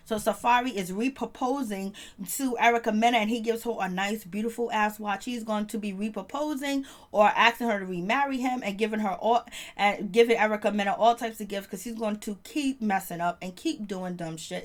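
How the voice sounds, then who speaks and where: A woman hosting a casual reality TV recap vlog, telling it in a slangy, laid-back way with quick laughs. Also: medium pitch.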